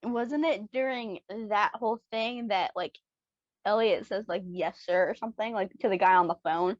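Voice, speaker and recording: A young woman co-hosting a casual podcast, an excitable, giggly fan gushing about a show. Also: mid-range voice, normal speed, no echo. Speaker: podcast co-host. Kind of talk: casual recap chat. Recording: dull lo-fi mic.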